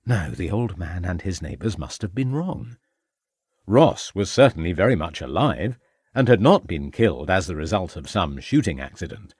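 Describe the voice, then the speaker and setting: A man reading a crime novel aloud as audiobook narrator, measured and formal, on a close studio mic. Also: sits low, big pitch swings, darkish tone, slightly rough, no echo. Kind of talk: scripted narration.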